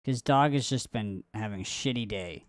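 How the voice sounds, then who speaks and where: A man streaming a video game live, reacting loudly and swearing at what happens on screen. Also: on the low side, moderate pace. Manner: excitable, swears and yells at the game. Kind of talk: live gameplay commentary. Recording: noisy stream audio.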